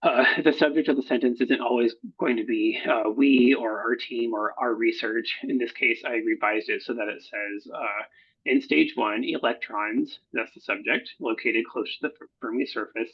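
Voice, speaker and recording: A man with a gravelly, husky voice teaches a writing workshop over his slides, often pausing on fillers and restarting words. The sound is dull and lo-fi, like a computer mic. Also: medium pitch. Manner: halting, frequent fillers and self-corrections. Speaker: proposal editor. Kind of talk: recorded workshop lecture. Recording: dull lo-fi recording.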